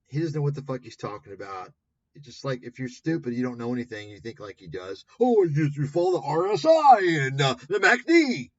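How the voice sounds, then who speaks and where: This livestream host is a man with a fairly low voice, recorded with no room sound and a muffled quality. His commentary is sarcastic, profane, and rambling.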